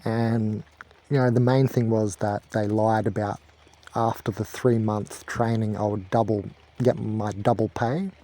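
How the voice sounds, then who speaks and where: A man's voice: on the low side, level tone, a little slow, dark tone. Angry profane man ranting. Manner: heated, profane, rambling. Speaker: vlogger. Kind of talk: angry ranting monologue to camera.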